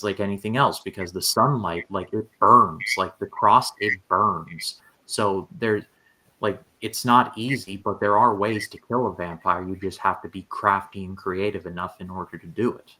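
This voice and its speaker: Chill guy with a low bright voice rambling about a movie, lots of likes. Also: poor audio. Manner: loose and chatty, lots of filler words. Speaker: host of a movie review channel. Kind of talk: casual chat.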